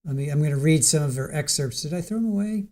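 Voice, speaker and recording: A man hosting a casual livestream about a trial, chatty and giggly, reading aloud haltingly. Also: on the high side, lively intonation, warm tone. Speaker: trial commentary host.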